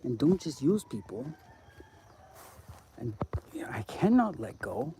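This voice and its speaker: Man, live stream monologue, rambling and profane, mid pitch, noisy background. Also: very animated, slow, dark tone. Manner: rambling, profane, jumps between topics.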